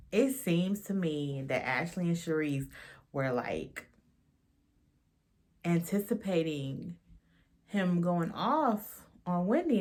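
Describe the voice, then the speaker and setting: A woman's voice: on the low side, darkish tone. A young woman hosting a casual reality TV recap, blunt and slangy, swearing freely and mimicking the cast.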